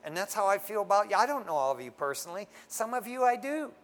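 A man's voice: high voice, big pitch swings, fast talker, a bit bright. A man preaching a casual sermon to a congregation, frank and folksy, often tagging his lines with "man.". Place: standing before a congregation.

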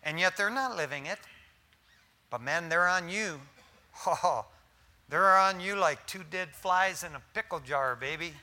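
A male pastor preaches in a folksy, animated way, full of slangy asides. His voice sits high for a man and rings very bright, and he swings between loud bursts of emphasis and hushed, almost whispered lines. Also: unhurried. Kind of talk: sermon.

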